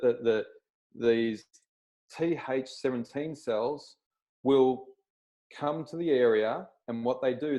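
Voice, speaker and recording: A man's voice: mid-range voice, warm tone, low-quality recording. A man, a chiropractor, giving a plain-spoken explanatory talk over a video call and checking in with his listeners.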